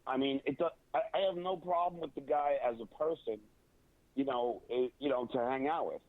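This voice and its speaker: A man's voice: mid-range voice, dry recording. An opinionated man on a phone call, stumbling through restarts and fillers as he makes his point. The line is thin and tinny, and the sound is dry and close. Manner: halting, many restarts and fillers. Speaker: guest. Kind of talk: casual interview over a phone line.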